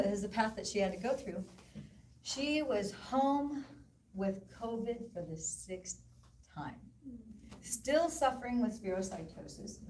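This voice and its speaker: A woman presenter with a medium-pitched voice tells a story to a live audience, acting out the voices of the people in it. Her voice carries through an echoey room from a distance from the mic. Faint noise sits underneath. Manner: animated, acts out quoted voices. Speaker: presenter at a live wellness event. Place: event room.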